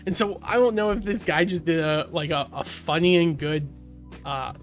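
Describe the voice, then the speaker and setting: A man with a slightly high voice rambles through a casual podcast chat, full of fillers and false starts. Faint music sits under his voice. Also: normal speed. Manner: rambling, lots of fillers and restarts. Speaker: podcast co-host.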